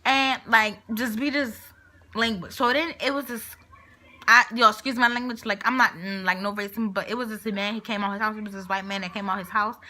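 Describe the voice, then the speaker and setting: A woman's voice: mid-range voice, a little fast. A young woman vlogger telling a story in casual, slangy talk, acting out what each person said. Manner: animated, acts out quotes of people in the story. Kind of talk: storytime vlog, casual retelling.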